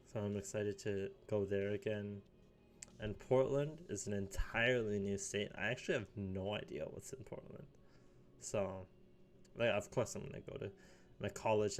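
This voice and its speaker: A young man in his late teens rambling casually in a solo vlog, full of fillers and little chuckles. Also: lowish voice. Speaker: vlogger.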